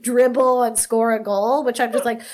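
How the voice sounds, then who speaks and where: Woman, 30s, slightly high voice, chatty storyteller who laughs a lot. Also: level tone, moderate pace, darkish tone. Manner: rambling storyteller, laughs often, swears. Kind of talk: casual chat.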